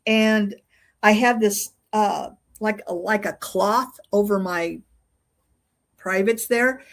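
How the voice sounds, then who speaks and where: An older woman speaking at an average pitch as an interview guest. She tells a personal story in a casual, unpolished way. She stops often on filler sounds and restarts her sentences. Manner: halting, full of fillers and restarts while recounting. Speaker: interview guest, UFO investigator.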